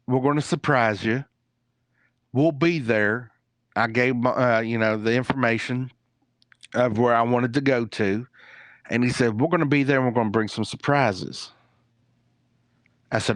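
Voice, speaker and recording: A man tells a story as a guest on a talk show, rambling along with plenty of fillers and restarts. His voice sits at a middle pitch. The sound is close and dry. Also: unhurried, long pauses, a bit bright, no room sound. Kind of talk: casual storytelling.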